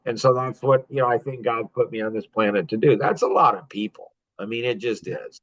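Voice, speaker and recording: A man in his fifties spins stories for a podcast, boastful and joking. He laughs often between his lines, and his voice sits at a middle pitch. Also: brisk, fairly bright tone. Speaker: podcast guest. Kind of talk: casual storytelling.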